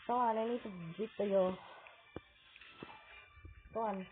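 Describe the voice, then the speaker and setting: A woman with a fairly high voice and an unhurried pace, giving casual gameplay commentary. She exclaims at every turn and keeps calling out to her viewers. The audio is tinny and phone-like, with faint game music underneath. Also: steady tone. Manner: talks to viewers as "guys". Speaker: gaming video creator.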